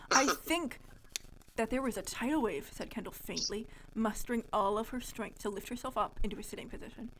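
A woman's voice: a little high, fairly quick, a bit bright, slight background noise, poor audio. A young adult woman co-hosting a podcast, reading a childhood story aloud in a playful, amused way. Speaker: podcast co-host.

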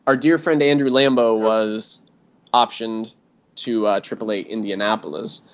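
A man's voice: fairly low pitch, steady tone, measured pace. A man co-hosting a casual sports podcast, talking with dry sarcasm and frequent laughs. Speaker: podcast co-host. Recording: dull lo-fi sound.

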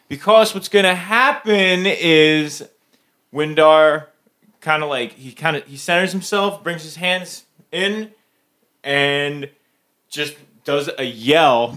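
A man's voice: a little high, sharp tone. A man playing a tabletop game, casually describing his character's moves with laughs and playful asides. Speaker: player.

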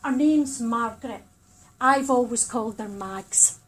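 A woman doing stand-up, telling a story deadpan, with sudden bursts of high exasperation. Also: unhurried. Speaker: stand-up comedian.

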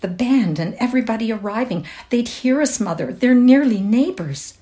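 A woman's voice: medium pitch, animated, normal speed, darkish tone, voice pushed up, natural voice. A woman reading the lines of an upset, tender-hearted young woman in a short story, in a pleading, breathless manner.

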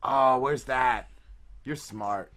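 A man co-hosting a podcast in casual, crude banter, swearing often and getting excited. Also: medium pitch, drawn-out words, a crowd in the background. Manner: profane, excitable, swears a lot. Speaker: podcast co-host.

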